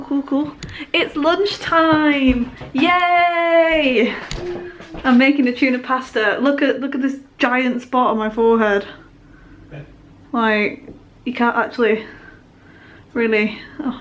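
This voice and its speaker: A young English woman filming a casual home vlog, chatting to the camera about her week with a self-mocking, giggly manner. Her voice sits at an ordinary pitch, and a faint hiss of noise runs under the recording. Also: low-quality recording. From England. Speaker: vlogger.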